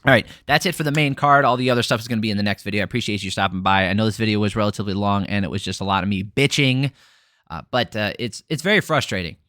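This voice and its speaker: A man with a fairly low voice runs through fight results in a casual, blunt recap. He swears freely and scatters fillers through his talk. The sound is dry and close, with no room around it. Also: racing, sharp tone, no room sound. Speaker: MMA podcast host.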